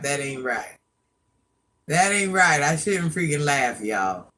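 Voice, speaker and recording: Woman, 50s, livestream host; slow, chatty storyteller with a bright, forceful voice. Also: deep voice, sing-song, a little hiss or hum. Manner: chatty storyteller, laughs at herself. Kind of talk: casual livestream chat.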